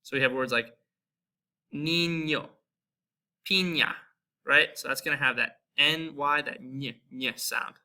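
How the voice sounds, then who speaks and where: A young American man with an American accent, giving a relaxed spoken lesson and slowly repeating example words. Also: mid-range voice. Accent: American English. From United States. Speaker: Spanish teacher.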